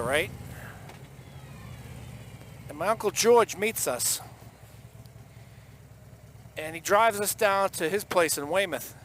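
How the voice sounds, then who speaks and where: A man whose voice sits high and fairly bright vlogs casually while riding, his Boston accent clear over the traffic outside. He tells a loose, chatty, rambling story.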